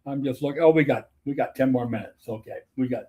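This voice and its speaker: A man's voice: mid-range voice, fast talker, dark tone. An older man hosting a casual chat, a former umpire telling stories and laughing at his own punchlines. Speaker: host, former softball umpire.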